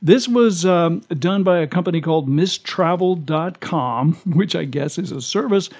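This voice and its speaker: A man's voice: a little high, darkish tone. Chatty man reading survey results. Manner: chatty, amused, reads figures with pauses. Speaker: radio talk show co-host.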